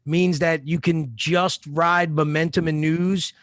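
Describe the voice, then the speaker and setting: A man's voice: fairly high pitch, flat delivery, takes it slowly, a bit bright, no echo. A man co-hosting a podcast in casual chat, rambling and swearing freely. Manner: rambling, profane, laid-back. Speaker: podcast co-host.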